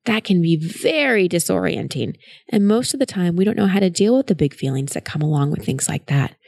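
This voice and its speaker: A woman hosting a show and coaching a caller through grief in a soft, soothing, nurturing way. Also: on the low side, expressive, a little fast, gravelly, no echo. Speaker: host giving advice to a caller. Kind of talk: gentle coaching on a call.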